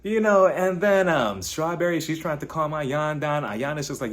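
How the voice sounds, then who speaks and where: A man hosting a casual reality TV recap, talking in an animated way and now and then jumping high to mimic the cast. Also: fairly quick, hardly any pauses. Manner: animated, shifts into high-pitched impressions when quoting. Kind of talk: casual commentary.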